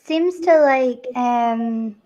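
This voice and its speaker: Warm in tone and a little high, this woman's voice belongs to a stream host from Scotland with an Edinburgh accent. She keeps her livestream chat casual, laughing easily in a giggly, chatty way.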